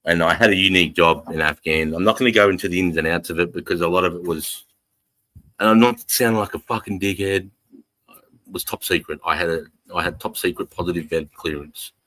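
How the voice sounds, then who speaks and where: A very deep-voiced Australian man in his forties talks casually on a livestream, swearing freely. He reads out the chat and greets viewers as brother in a blunt, friendly way. The sound is close and dry, with no room around it. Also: fairly quick, bright, forceful tone, no room sound, poor audio. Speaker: livestream host reading chat.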